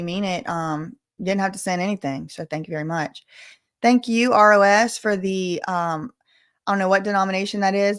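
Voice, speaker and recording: A woman hosting a casual livestream, chatting, joking and thanking donors. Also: mid-range voice. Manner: chatty, animated, joking asides. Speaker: livestream host. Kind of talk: casual livestream chat reading donations.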